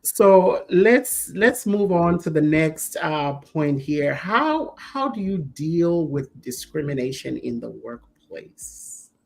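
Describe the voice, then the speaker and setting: A woman co-hosting a casual talk show, telling stories with lively quoted voices and frequent laughs. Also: low-pitched, takes it slowly, few pauses. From Zambia. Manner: animated storyteller, acts out quoted voices, laughs often. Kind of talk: casual chat.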